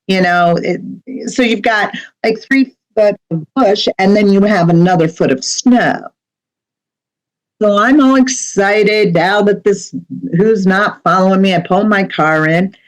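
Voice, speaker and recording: Slow-talking woman telling a story. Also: medium pitch, low-quality recording. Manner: conversational, with many fillers and asides. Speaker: guest medium. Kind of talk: recounting a personal story in a podcast interview.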